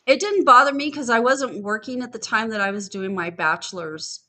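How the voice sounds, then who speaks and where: Panelist, woman, bright tone, blunt casual talker with frequent cursing. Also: a little high, expressive, normal speed. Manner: blunt and swears freely, frustrated storytelling. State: studying for a master's degree. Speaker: podcast panelist. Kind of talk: casual chat.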